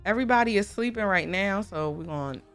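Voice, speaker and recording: A woman, hosting a casual, excitable let's-play and chatting to viewers as she plays. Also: mid-range voice, brisk, soft background music. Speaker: gaming video host. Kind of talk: casual game commentary.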